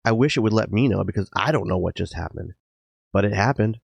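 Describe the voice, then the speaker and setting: A man hosting a podcast, narrating a personal story in a dramatic first-person style, intense and emotional with sudden loud outbursts. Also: on the low side, quick pace, creaky, breathy edge, no room sound, muffled recording. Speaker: podcast host. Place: garage.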